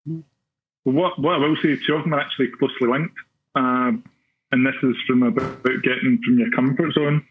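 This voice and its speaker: A man's voice: mid-range voice, steady tone, a little fast, husky. Glaswegian man telling a rambling tale. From Scotland. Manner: rambling, filler-heavy, self-deprecating. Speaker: podcaster guest. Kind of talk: casual storytelling. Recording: tinny phone-like line.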